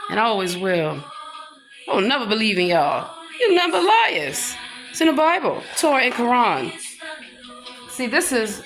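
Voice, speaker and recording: This Black woman, preaching on her own authority, confronts her accusers in a fiery monologue, her high voice creaky yet fairly bright. She slips into gospel singing, and the sound is echoey with music underneath.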